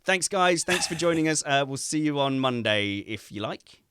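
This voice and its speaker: Bright, joking male host. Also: a little high, moderate pace, clear, resonant tone. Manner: animated, jokey. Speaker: podcast host. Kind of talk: casual livestream chat. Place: home. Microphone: streaming mic.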